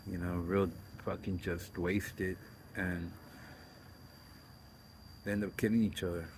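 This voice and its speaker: A man's voice: deep voice, noisy background. A middle-aged man talking in a blunt, profane, rambling way, telling stories casually on his own show. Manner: blunt and profane, trailing off and restarting. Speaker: host of a self interview.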